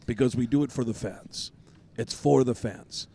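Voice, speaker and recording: A man's voice: medium pitch, moderate pace, vocal fry, warm tone, breathy edge. A man doing a comic impression of a boastful, money-minded middle-aged male rock star with brash salesman bluster. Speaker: comedian guest.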